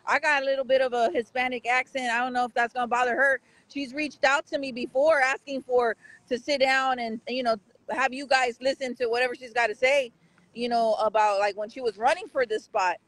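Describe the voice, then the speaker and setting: A man's voice: very high-pitched, steady tone, brisk, a bit bright, dry recording, rough recording. A man hosting a casual live street-news stream outside a courthouse, rambling and talking straight to his viewers.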